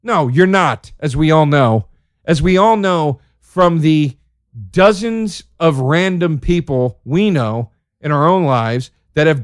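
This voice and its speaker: A man's voice: a little high, no room sound. Profane ranting man, dry close sound. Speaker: podcast host. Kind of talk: casual comedic monologue.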